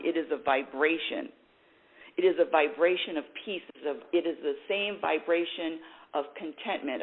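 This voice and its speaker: A woman hosting a spiritual talk show, speaking in a rambling, self-correcting way and laughing at herself. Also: deep voice. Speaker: radio show host. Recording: tinny phone-like sound.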